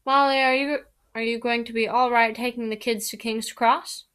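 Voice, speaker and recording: A woman reading aloud, voicing a kindly father who is rushing off to work. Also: extremely high pitch, steady tone, sharp tone, clean tone. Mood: hurried. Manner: brisk and hurried.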